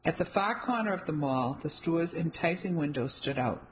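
A woman's voice: sits low, moderate pace, a little hiss or hum, rough recording. Woman narrating a cozy mystery. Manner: even, descriptive storytelling. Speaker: audiobook narrator. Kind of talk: first-person novel narration.

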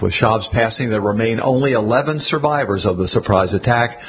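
A man reading newspaper articles aloud for a radio reading service, steady with occasional slips and restarts. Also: fairly low pitch, slightly rough.

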